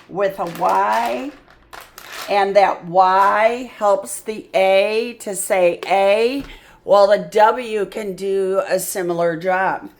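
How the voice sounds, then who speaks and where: A woman tutoring a child in phonics, sounding out words slowly and patiently. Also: fairly low pitch. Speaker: reading tutor. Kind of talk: phonics lesson.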